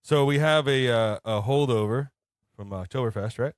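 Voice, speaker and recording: A man with a middle-pitched voice who talks through beers at a rambling pace, full of fillers. The recording is close and dry. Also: moderate pace, clean tone, no echo. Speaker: podcast co-host. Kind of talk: casual beer-tasting chat.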